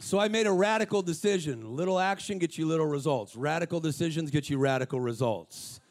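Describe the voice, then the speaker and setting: A man giving a lively, humorous motivational sermon in a large church auditorium, telling stories and calling out people in the crowd. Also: a little high, a little fast. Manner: energetic, humorous storytelling with crowd shout-outs. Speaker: guest speaker.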